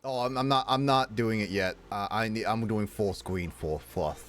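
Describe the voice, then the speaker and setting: A man hosting a casual gaming stream with friends, excitable and talking over the others. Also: fairly low pitch, normal speed. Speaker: streamer and host.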